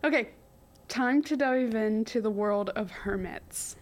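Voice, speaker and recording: A woman's voice: on the high side, a little slow. A young woman co-hosting a casual history podcast, reading from her notes with jokey asides and giggles. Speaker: podcast co-host.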